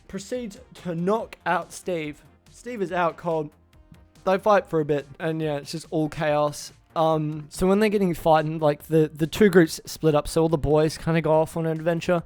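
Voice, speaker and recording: A man's voice: on the high side, darkish tone. A man casually recapping a film's plot for his channel, rambling, restarting names and acting out the characters' lines. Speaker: YouTuber reviewing a film.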